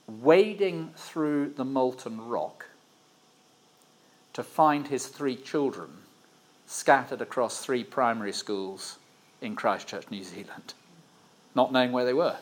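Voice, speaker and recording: A man from Cornwall, preaching a sermon with wry humor and dramatic pauses. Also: on the high side. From Cornwall, England.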